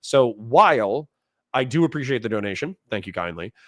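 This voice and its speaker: A man's voice: medium pitch, animated, normal speed, fairly bright tone, no echo, clean studio sound. A man from Florida hosting a casual livestream, reading out chat donations and rambling bluntly in reply. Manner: rambling and blunt, reads chat messages aloud.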